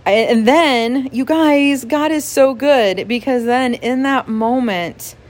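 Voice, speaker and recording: A woman's voice: high voice, takes it slowly. Woman hosting a candid faith podcast. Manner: candid and personal, with frequent "like" and "right?" and soft laughs. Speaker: podcast host. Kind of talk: casual devotional talk.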